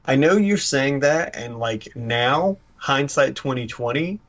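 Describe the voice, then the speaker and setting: A man's voice: medium pitch, takes it slowly, highs cut off. A man co-hosting a comic book podcast, talking animatedly and acting out lines for emphasis. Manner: animated, acts out lines with emphasis, laughs often. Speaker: podcast co-host. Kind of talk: casual chat.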